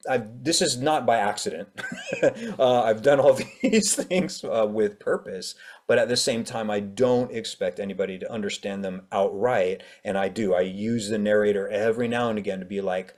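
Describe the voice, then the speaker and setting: A man's voice: lowish voice, moderate pace. A man, an author, chatting animatedly in an interview, often acting out how readers react. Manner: chatty, with frequent fillers and laughs. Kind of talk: casual interview conversation.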